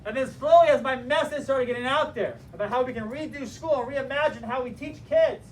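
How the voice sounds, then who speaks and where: A man in his late thirties, a teacher telling a personal story as a lesson, animated and rhythmic, acting out the dialogue. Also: very high-pitched, a little fast, distant mic, a little hiss or hum.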